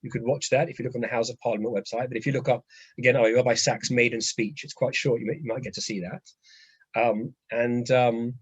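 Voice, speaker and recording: A man, a rabbi lecturing a class, telling lively anecdotes and often restarting his phrases. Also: mid-range voice, a little fast, breathy edge, dry recording. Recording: dull, dry lo-fi audio.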